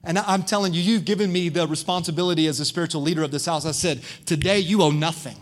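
A pastor with a high, bright-toned male voice delivers a lively sermon. He tells stories with animation and keeps calling out to the congregation to respond. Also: racing. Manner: preaching with crowd call-outs; animated storytelling.

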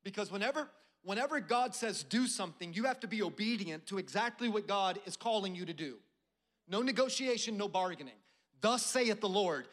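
High-voiced male pastor preaching. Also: lively intonation, a little fast, a bit bright. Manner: preaching with call-and-response prompts; acts out a proud general's complaints. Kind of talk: sermon.

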